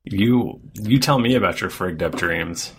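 Low gravelly game master. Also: male voice, a little slow, a little hiss or hum. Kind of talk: narrating a tabletop game.

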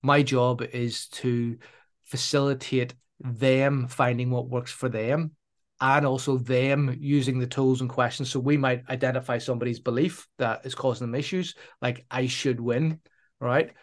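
A man who works as a sport psychology trainer and therapist, explaining his methods in a calm, deliberate way and reflecting the other person's words back to him. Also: medium pitch. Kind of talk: measured explanatory interview talk.

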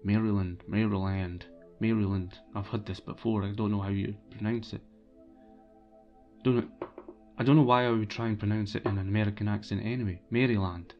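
A man's voice: lowish voice, fairly even intonation, fairly quick, long pauses, dull audio, soft background music. A man streaming alone, talking in a casual, blunt and opinionated rant with frequent restarts. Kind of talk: casual ranting monologue.

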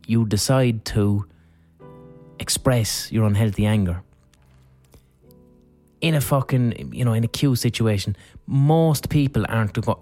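A man hosts his podcast in a lowish, unhurried speaking voice. He talks frankly and casually, and swears freely. Faint music plays quietly behind him. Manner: frank, profane, conversational. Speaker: podcast host. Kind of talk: reflective solo talk.

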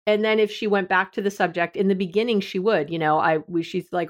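A woman's voice: on the low side, quick pace, few pauses. A middle-aged woman, a therapist hosting an advice podcast, talking candidly in a conversational, self-deprecating way.

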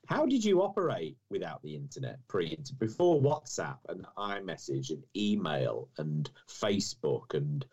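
A man's voice: deep voice, sing-song, normal speed, few pauses, a little mellow, husky, lo-fi sound. A young man co-hosting a casual podcast, joking and teasing with rambling questions. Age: young adult. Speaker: podcast co-host.

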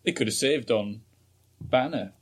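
A man's voice: medium pitch, unhurried, husky. A man co-hosting a podcast, joking and rambling through casual political chat. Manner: jokey, rambling, full of restarts. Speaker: podcast co-host.

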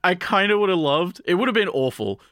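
A man's voice: sits high, big pitch swings, normal speed, a bit bright, no room sound, clean studio sound. A man co-hosting a casual, joking anime podcast, rambling and restarting as he recaps episodes. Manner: rambling, restarts, mock-dramatic asides. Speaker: podcast co-host.

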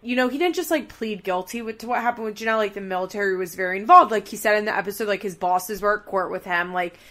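A woman co-hosting a casual podcast, chatting loosely with lots of fillers as she reasons out loud. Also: medium pitch, quick pace. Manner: chatty, many fillers, talks through hunches. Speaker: podcast co-host. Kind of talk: casual chat.

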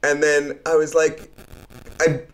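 A man's voice: a little high, monotone, takes it slowly. A man co-hosting a podcast, wry and self-deprecating in casual chat. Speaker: podcast co-host, comedian.

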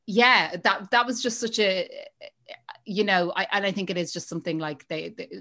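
A woman's voice: medium pitch, steady tone, moderate pace, pushed and bright. A woman in her thirties, an actor guest on a podcast, talking casually with frequent laughs and restarts. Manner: chatty, laughs often, many restarts. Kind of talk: casual interview chat.

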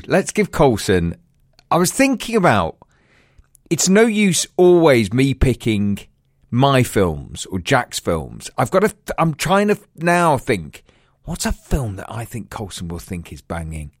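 Man, casual podcast chat, lively pitch, dry close mic. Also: measured pace, slightly rough, no echo. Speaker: podcast co-host.

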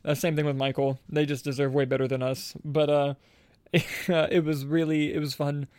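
A man's voice: a little high, little pitch movement, moderate pace, darkish tone, clean tone, dry recording. A young man hosting a casual podcast, rambling and restarting his sentences often, with frequent laughter. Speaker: podcast host and filmmaker.

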